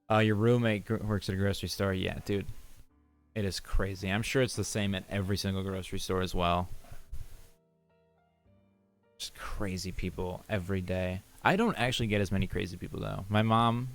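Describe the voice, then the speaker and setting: Young man, casual stream chat, rambling, chuckling, lowish pitch. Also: steady tone, brisk, creaky, faint music behind. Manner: rambling storyteller, chuckles between thoughts.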